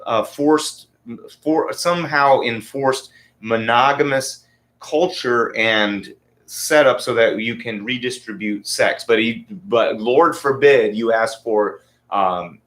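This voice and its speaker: A man's voice: mid-range voice, takes it slowly, a bit bright. A man in his forties hosting a podcast, ranting casually and heatedly with lots of swearing. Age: 40s. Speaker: podcast host. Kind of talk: casual rant.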